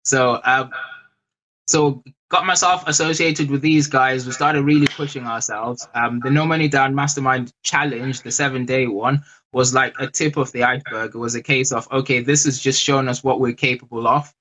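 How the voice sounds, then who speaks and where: A man guest in an interview, speaking hesitantly with frequent pauses and restarts. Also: medium pitch, fairly even intonation, sharp tone, slight background noise, poor audio. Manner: hesitant, many fillers and restarts. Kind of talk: casual interview.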